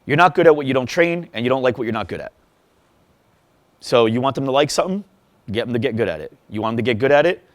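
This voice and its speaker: A man's voice: medium pitch, animated, fast, no room sound. A man speaking at a live workshop, firing rhetorical questions and drilling the audience in a punchy, repetitive way. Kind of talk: live seminar talk to an audience. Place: event room before a live audience.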